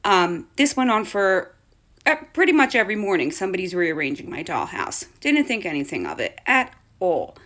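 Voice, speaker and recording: A woman's voice: on the low side, normal speed, slight background noise. Chatty mother telling a ghost story. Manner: chatty, animated retelling with many asides. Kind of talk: casual storytelling to camera.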